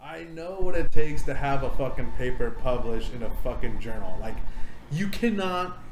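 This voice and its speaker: A man's voice: mid-range voice, moderate pace. A man hosting a podcast in casual chat, ranting with lots of swearing. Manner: profane, animated ranting. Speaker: podcast host. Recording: echoey room with faint hiss.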